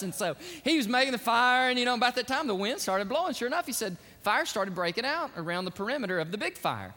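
A man's voice: high-pitched, lively intonation, sharp tone. A male pastor preaching a sermon, telling stories in a folksy way and laughing easily. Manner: folksy storytelling, quick to laugh. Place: church sanctuary. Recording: echoey church sanctuary.

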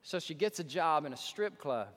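Male pastor with a drawl, storytelling sermon, acts out his quotes, voice a bit high, reverberant sanctuary. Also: animated, normal speed, fairly bright tone. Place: church sanctuary. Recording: long church hall reverb.

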